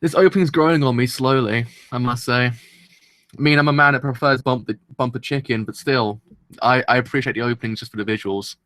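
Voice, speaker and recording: A man's voice: medium pitch, fairly even intonation, a little fast, fairly bright tone, no echo. A man hosting a live anime reaction, talking in a rambling, chatty and self-deprecating way and laughing often.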